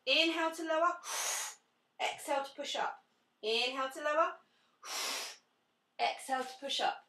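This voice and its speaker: A woman's voice: high voice, fairly bright tone, far from the mic. A young woman teaching a pilates class, counting breaths and giving friendly corrections to participants. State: out of breath at times. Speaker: pilates instructor. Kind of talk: live online fitness class instruction. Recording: echoey room, away from the mic.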